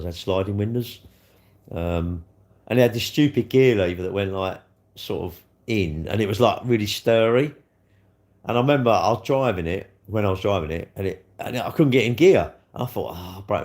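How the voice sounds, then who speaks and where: A man's voice: sits low, darkish tone. A middle-aged man, rambling casually on a live stream, swearing freely and answering viewer comments. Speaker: livestreamer.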